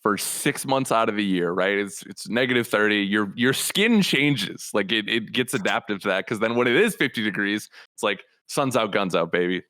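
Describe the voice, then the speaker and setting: Male podcast host from Minnesota, jokey and upbeat, mid pitch, dead dry mic. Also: animated, normal speed, hardly any pauses, sharp tone, no room sound. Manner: upbeat, jokey, announcer-like intros. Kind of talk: casual podcast chat.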